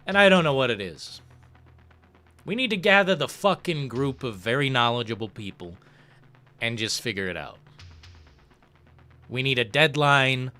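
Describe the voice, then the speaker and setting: Profane, ranting male streamer, bright tone. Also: mid-range voice, lively intonation, moderate pace, pauses often. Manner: frustrated, profane, swings from muttering to shouting; reads chat messages aloud. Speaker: livestream host. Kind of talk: ranting live chat. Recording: faint background music.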